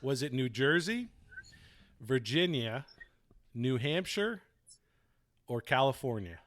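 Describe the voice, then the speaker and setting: A man hosting a podcast, asking a guest questions in a relaxed, halting way with lots of fillers. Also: mid-range voice. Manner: relaxed, hesitant, many fillers. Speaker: podcast host. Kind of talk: casual podcast chat.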